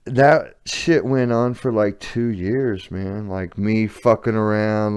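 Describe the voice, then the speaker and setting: A man's voice: on the low side, takes it slowly, few pauses, darkish tone, clear, resonant tone. A middle-aged man hosting a podcast, telling a candid personal story in a blunt, profane, confessional way. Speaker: podcast host.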